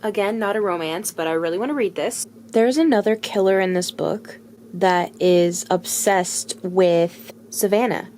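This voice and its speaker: Blunt, animated young woman book vlogger. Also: medium pitch, unhurried, a little hiss or hum. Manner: candid, animated, blunt, swings to soft asides. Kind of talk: casual reading vlog chat.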